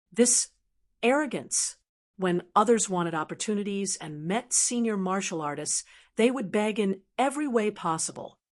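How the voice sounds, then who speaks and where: Woman audiobook narrator, mid-pitched, even and measured, scripted narration.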